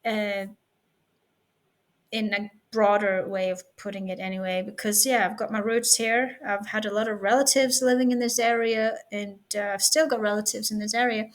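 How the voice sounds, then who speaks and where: Norwegian woman vlogger, high voice, playful and giggly, on a webcam at home. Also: fairly even intonation, moderate pace, fairly bright tone. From Norway. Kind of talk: casual vlog chat.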